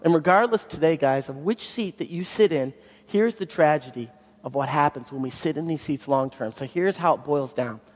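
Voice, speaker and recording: Pastor guy preaching, lively storyteller, goes loud then hushed, long echo from the big room. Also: on the high side, moderate pace. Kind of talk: sermon. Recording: long hall reverb.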